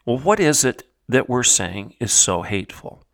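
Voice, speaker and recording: Emphatic preacherly commentary host. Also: male voice, mid-range voice, very animated, moderate pace, gravelly. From Oklahoma. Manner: emphatic, preacherly, repeats phrases for stress. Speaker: podcast host. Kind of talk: commentary monologue.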